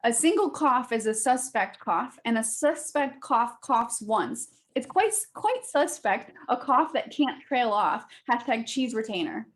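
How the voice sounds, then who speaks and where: A woman's voice: on the high side, very animated, unhurried, hardly any pauses. A woman co-host reading out donation names and messages on a video call, chipper with light laughs.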